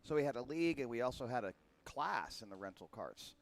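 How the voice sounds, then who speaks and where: A man's voice: medium pitch, lively intonation, fast. A man who races karts, chatting casually in an interview and trailing through fillers and restarts. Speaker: kart racer guest.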